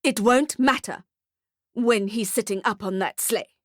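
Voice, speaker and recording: A woman's voice: on the high side, a little slow, no room sound, studio quality, close to an everyday voice. A woman voicing a weary male boss who scolds firmly in an audiobook. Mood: stern. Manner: firm, scolding.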